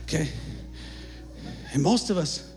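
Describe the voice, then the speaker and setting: A pastor preaching a sermon, moving from joking, conversational asides to shouted, fervent climaxes. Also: male voice, on the high side, animated, unhurried, soft background music.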